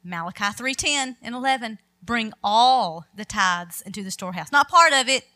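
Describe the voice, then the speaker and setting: A woman's voice: fairly high pitch, animated, a little slow, pauses often, bright, forceful tone. A middle-aged woman preaching a sermon, emphatic and quoting scripture with rising force.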